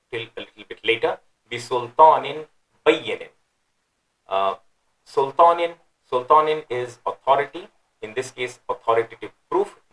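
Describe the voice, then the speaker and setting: A man teaching the meaning and grammar of a scripture verse, explaining slowly and repeating key words for emphasis. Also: mid-range voice, fairly bright tone, rough recording. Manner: recites in melodic chant. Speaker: Quran teacher.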